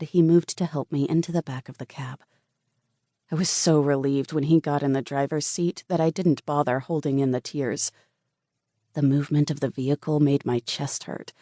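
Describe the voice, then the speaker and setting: A woman's voice: low-pitched, warm tone, no echo, clean studio sound. A woman narrating a first-person romance audiobook in an earnest, intimate way.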